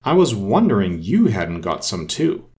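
A prim, condescending talking rose from a storybook, put on by a male reader. She talks down politely, and the pitch moves with a lively lilt. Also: normal speed.

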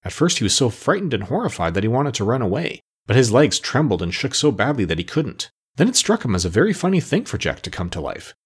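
A man narrating a storybook aloud in an expressive storytelling manner. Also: medium pitch, quick pace, few pauses, slightly rough. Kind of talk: audiobook narration.

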